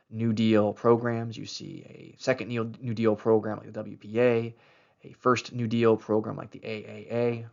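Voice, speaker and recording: A man's voice: fairly low pitch, vocal fry, dull audio. A man giving a recorded history lecture over slides, talking loosely with many fillers and restarts.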